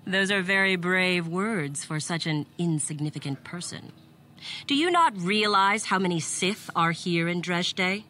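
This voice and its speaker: A haughty, mocking Sith bully. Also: female voice, lowish voice, unhurried, pushed and bright, slight background noise. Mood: threatening. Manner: mocking, taunting.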